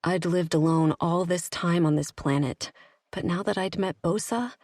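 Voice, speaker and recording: Low-voiced woman reading a romance audiobook. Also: normal speed, darkish tone, no room sound. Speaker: audiobook narrator. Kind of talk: first-person romance audiobook narration.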